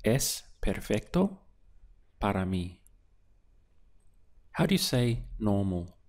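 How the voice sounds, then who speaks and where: A man teaching a beginner language lesson, asking patient prompts and then giving clear model answers. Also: fairly low pitch, big pitch swings, slow, a little mellow. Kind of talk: slow, deliberate language lesson with pauses.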